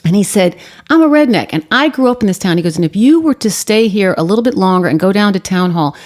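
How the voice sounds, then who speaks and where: A woman filmmaker recounts an encounter in animated conversation. Her voice sits mid-pitch, and she jumps into the voices of the people she quotes. On heavier moments she goes low and quiet. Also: quick pace. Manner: acts out quoted voices, shifting pitch and volume; drops to a hushed, quiet tone on grim topics. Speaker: guest, documentary filmmaker.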